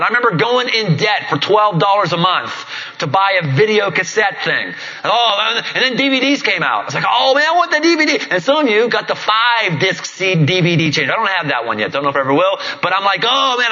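A man's voice: fairly high pitch, sharp tone. A middle-aged man, a pastor preaching a sermon in a conversational, jokey storytelling manner. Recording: dull lo-fi recording.

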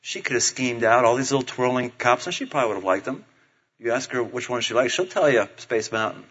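A middle-aged man preaching a sermon, telling stories in an animated way and acting out the voices of his family. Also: medium pitch, a little fast, breathy edge. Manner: animated storytelling, acts out voices of family members. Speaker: pastor. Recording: dull lo-fi sound.

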